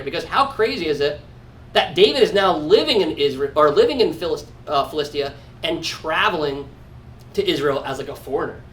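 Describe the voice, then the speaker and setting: Male pastor, conversational Bible teacher, lively impressions, distant mic. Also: quick pace. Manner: animated, acts out quoted lines with sudden high-pitched outbursts; conversational, frequent restarts and asides. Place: church. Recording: distant mic in a room with faint background noise.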